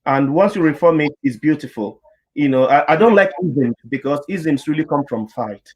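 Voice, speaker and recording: A man's voice: fairly high pitch, animated, moderate pace, slightly rough, low-quality recording. A man speaking as a panelist and therapist in a panel discussion, earnest and explanatory, often repeating words as he builds his point.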